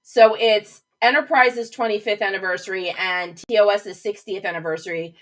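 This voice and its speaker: A chatty woman hosts a casual livestream, rambling along and greeting viewers by name. Her voice is mid-range at a normal speed, and the audio is poor.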